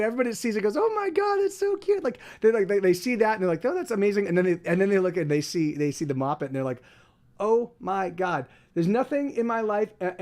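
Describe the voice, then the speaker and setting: A man hosting a livestream, chatting casually, rambling with lots of restarts and repeated words. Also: fairly high pitch. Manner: soft baby talk to his dog. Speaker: livestream host. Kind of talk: casual chat.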